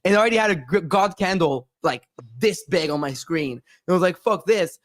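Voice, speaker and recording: A man's voice: fairly high pitch, animated, brisk, a bit bright, no echo, clean studio sound. A Canadian man hosting a casual crypto show over a video call, loose and joking, swearing freely. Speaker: podcast host.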